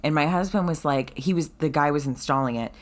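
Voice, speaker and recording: A woman's voice: sits low, brisk. A woman in her thirties co-hosting a book podcast, telling stories in casual chat with frequent swearing and laughter. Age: 30s. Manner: animated, swearing, laughing storyteller. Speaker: podcast co-host.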